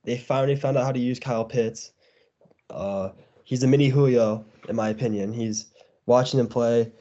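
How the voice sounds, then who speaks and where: A man's voice: medium pitch, fairly even intonation, moderate pace, mellow, muffled recording. A man who is a guest on a casual sports podcast, speaking in short, plain statements.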